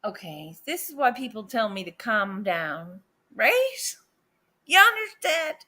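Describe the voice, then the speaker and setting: A woman with a high, bright voice chatting on her livestream. She talks slowly and unhurriedly, but gets excitable, bursting into loud exclamations and then dropping to a mutter. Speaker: livestream host. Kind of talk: casual livestream chat.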